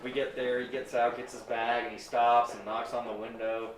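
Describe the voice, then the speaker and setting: A podcast host telling profane stories in casual chat with friends. He is animated and laughs often. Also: mid-range voice, normal speed. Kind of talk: casual storytelling among friends. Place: patio with friends. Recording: roomy sound, distant mic.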